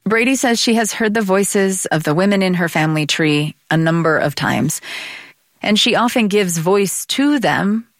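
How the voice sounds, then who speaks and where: A woman reporter narrating a scripted story and asking interview questions in a measured way. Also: medium pitch, lively intonation, no room sound, clean studio sound. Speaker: radio reporter and host.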